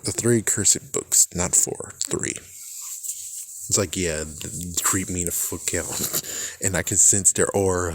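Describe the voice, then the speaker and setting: A man's voice: deep voice, no room sound. A young man talking in a casual, rambling monologue, swearing a lot and laughing often. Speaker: vlogger.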